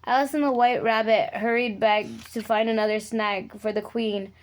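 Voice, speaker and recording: A woman's voice: a little high, steady tone, moderate pace. A woman reading a children's storybook aloud in a casual way, slipping in chatty asides.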